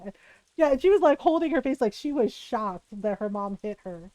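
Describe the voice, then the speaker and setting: Animated woman telling a story. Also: fairly high pitch, fairly quick, no room sound, low-quality recording. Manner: animated, tags lines with "right?", laughs often. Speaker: streamer. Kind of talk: casual storytelling on a live stream.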